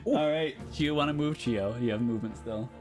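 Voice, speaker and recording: A man's voice: medium pitch, brisk, soft background music. A man acting as dungeon master, narrating a tabletop game in a laid-back way, laughing between descriptions.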